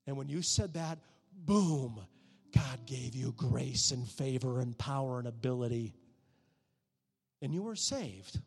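A man preaching a sermon, moving between soft, hushed prayer and loud, emphatic declarations. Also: mid-range voice, expressive, slow, vocal fry, husky, big-room sound.

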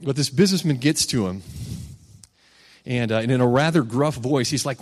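Conversational preacher in an echoing hall. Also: male voice, medium pitch, a little fast. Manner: conversational, animated when voicing characters in stories. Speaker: campus ministry preacher. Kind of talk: sermon with storytelling and scripture reading.

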